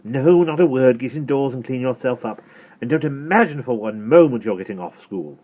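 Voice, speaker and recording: Stern exasperated mum, sharp and scolding, pitched well above the reader, a male narrator putting her on. Phone-like sound. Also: animated, normal speed, lightly acted. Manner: sharp, scolding through clenched teeth. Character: stern exasperated mother of two boys.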